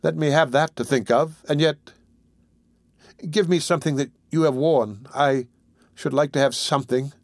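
A man's voice: a little high, moderate pace, no echo, clean studio sound, lightly acted. A man voicing a fearful young street woman in an audiobook reading, who talks in an agitated, hasty way with broken restarts. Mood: despairing. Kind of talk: audiobook character voice.

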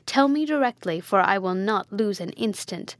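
A woman's voice: mid-range voice, measured pace, no room sound, natural voice. An imperious, cruel medieval prince gives curt commands, as a woman reads him aloud. The voice sits dry and close, with no room around it.

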